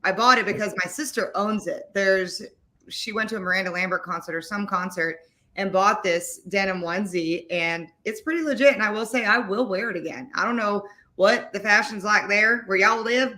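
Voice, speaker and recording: A woman, co-hosting a casual chat and telling animated stories with some swearing. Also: medium pitch, fairly quick. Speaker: co-host.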